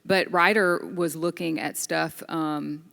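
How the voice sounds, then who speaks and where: Low, gravelly woman telling a heartfelt story. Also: slow, big-room sound. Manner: emotional, animated storytelling with laughter. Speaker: guest mother sharing her story. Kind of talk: candid testimony in a group discussion.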